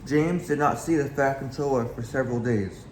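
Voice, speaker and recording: A man's voice: medium pitch, moderate pace, a little hiss or hum. Man reading a storybook aloud. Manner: plain, with small slips. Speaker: reader. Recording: echoey room, faint background.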